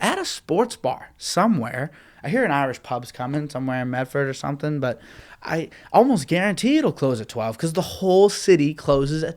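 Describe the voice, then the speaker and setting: A young man hosting a solo podcast, rambling and swearing as he complains at length. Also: mid-range voice. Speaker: podcast host. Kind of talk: casual solo podcast rant.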